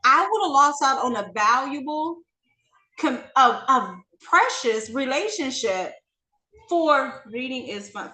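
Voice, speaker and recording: A woman hosting a talk show, telling a personal story to her audience in an animated, emphatic, conversational way. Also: high-pitched, measured pace, roomy sound.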